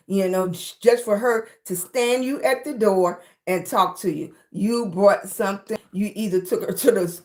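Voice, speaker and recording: A middle-aged woman from Virginia with a Southern accent, chatting casually on a livestream and greeting viewers by name. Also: medium pitch. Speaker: livestream host.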